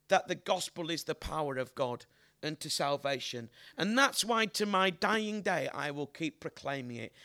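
Casting note: male preacher, fifties, high and forceful, emphatic sermon delivery with questions thrown to the room. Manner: emphatic, asks the audience rhetorical questions. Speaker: evangelist preacher.

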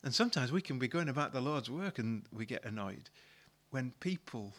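Bright-voiced pastor preaching conversationally. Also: male voice, medium pitch, expressive, moderate pace. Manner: conversational storytelling, repeats words when restarting. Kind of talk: sermon.

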